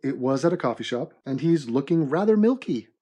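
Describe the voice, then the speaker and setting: A man hosting an animated comedy commentary in a mock-serious, deadpan sarcastic manner. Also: mid-range voice, fairly quick, slightly rough. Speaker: host and narrator of an animated commentary.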